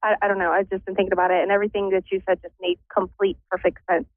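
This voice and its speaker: A woman's voice: mid-range voice, fairly even intonation, rapid-fire, dry recording, soft background music. Hesitant woman caller on phone. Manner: soft, hesitant, with nervous laughs. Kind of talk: phone call-in conversation. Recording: tinny phone line.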